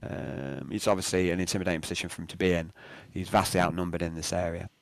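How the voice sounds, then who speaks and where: Gravelly, halting game master narrating. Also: male voice, low-pitched, flat delivery, dry recording. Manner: halting, many fillers and restarts.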